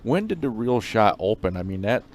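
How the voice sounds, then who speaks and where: A man co-hosting a live fishing stream in relaxed, conversational commentary, often pausing on fillers. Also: fairly low pitch, noisy background.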